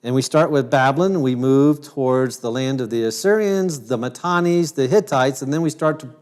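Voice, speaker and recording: A man's voice: mid-range voice, normal speed, a little mellow. A man from Ohio giving a lecture to camera as host, talking in a conversational way with frequent restarts. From Ohio, United States.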